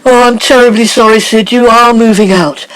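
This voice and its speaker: A man's voice: very high voice, steady tone, normal speed, fairly bright tone, poor audio. A man voicing a matronly woman who talks in a genteel, apologetic but firm way. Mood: polite.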